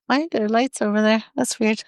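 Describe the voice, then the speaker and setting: A young adult woman co-hosting a podcast, chatting casually and telling stories in an animated way, acting out her own reactions. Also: fairly high pitch, a little fast, dry recording. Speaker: podcast co-host. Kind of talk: casual chat.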